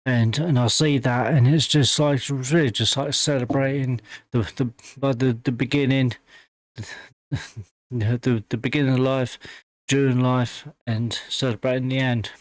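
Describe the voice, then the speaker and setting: A man hosting a music reaction video, talking in halting, emotional bursts full of fillers and restarts while fighting back tears. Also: medium pitch, steady tone, no room sound. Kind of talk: casual reaction commentary.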